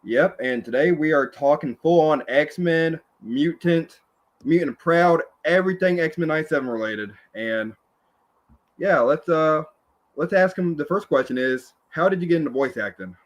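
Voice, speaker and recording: A man's voice: fairly high pitch, normal speed. Upbeat man hosting an interview. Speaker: podcast host. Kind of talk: casual interview.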